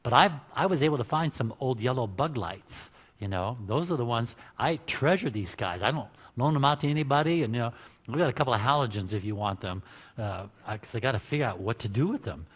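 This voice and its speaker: A man leads a church health seminar in a loose, joking way, often chuckling at his own asides. His voice sits in an ordinary middle pitch. The sound carries a long reverb from the church hall around him. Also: animated, brisk, fairly bright tone. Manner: joking, chatty, laughs at his own lines. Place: church hall before an audience.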